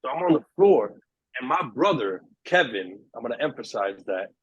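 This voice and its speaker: Animated New man telling stories. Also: medium pitch, normal speed, breathy edge, no room sound, dull audio. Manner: animated storyteller, acts out voices in quotes. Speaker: podcast host. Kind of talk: casual storytelling among friends.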